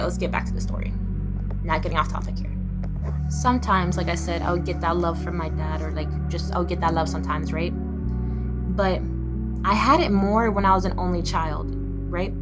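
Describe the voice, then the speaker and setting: Candid young woman, raw and profane. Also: lowish voice. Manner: raw, candid and profane, with heated rhetorical questions. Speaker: vlogger. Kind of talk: personal confessional monologue. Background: music.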